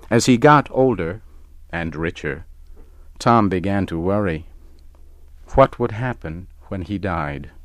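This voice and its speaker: A man reads a story aloud in a slow, deliberate and plain manner, every word set down carefully. His voice sits very low. The sound is dry and close, with no room echo. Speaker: narrator. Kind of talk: scripted story narration.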